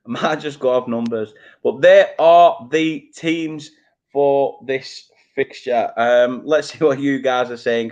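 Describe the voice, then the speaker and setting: A young man with a Lancashire Burnley accent, talking in a loose, casual way as he hosts a live football watchalong. His voice sits at an ordinary middle pitch. He stumbles over hard names and laughs at his own mistakes. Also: a little mellow, highs cut off. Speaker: fan channel host. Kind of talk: live watchalong chat, reading chat comments.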